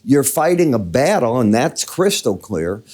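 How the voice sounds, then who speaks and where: A man's voice: mid-range voice, sing-song, measured pace, darkish tone. An older man with a Midwestern American accent giving chatty, conversational market commentary, walking through charts with folksy asides.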